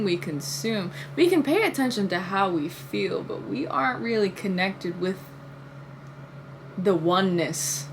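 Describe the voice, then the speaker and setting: A woman's voice: mid-range voice, fairly bright tone, slight background noise. A young woman vlogger telling a long dream story and musing aloud, full of "like" fillers and casual swearing.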